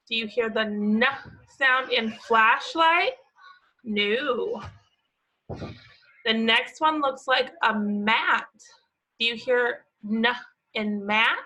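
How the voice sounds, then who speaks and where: A woman's voice: fairly high pitch, sharp tone, poor audio. A woman teaching young children, walking through a worksheet patiently with a sing-song, encouraging manner. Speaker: preschool teacher.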